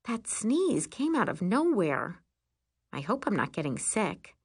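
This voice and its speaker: Woman narrator for a kids' story, lively melodic reading, slow and clear. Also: mid-range voice. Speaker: audiobook narrator. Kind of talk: first-person storybook narration.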